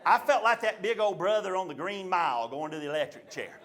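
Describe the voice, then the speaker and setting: A man from the Chattanooga area with a Southern American accent, telling a childhood story in an animated, folksy stand-up style on a live comedy stage. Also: sits high, fairly quick.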